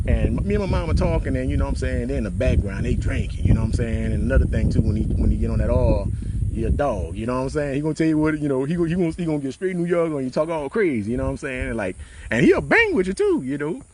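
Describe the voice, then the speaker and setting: A man's voice: medium pitch, heavy background noise. A military veteran telling casual stories in slang, laughing often and acting out the lines of the people he quotes. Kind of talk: casual storytelling.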